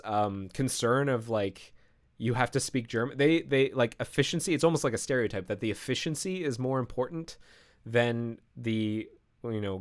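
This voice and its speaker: Guy live-coding on stream, mid-pitched voice, chatty and rambling, thinks out loud. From Canada. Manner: rambling, filler-heavy, thinks aloud.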